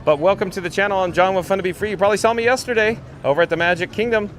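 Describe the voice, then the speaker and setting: A man's voice: high voice, very fast. A man hosting a livestream while walking outdoors through a theme park, reading viewer comments aloud in a chatty, upbeat way. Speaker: livestream host.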